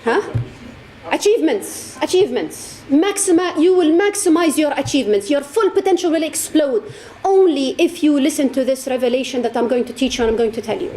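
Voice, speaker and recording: A woman's voice: high-pitched, lively intonation, fairly quick, warm tone, slight background noise. A woman giving an impassioned religious talk to an audience, repeating words for emphasis. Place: lecture hall.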